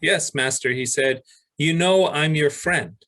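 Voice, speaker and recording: A man's voice: fairly high pitch, fairly bright tone, poor audio. Man preaching a sermon. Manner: reads scripture aloud with pauses and restarts. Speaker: pastor.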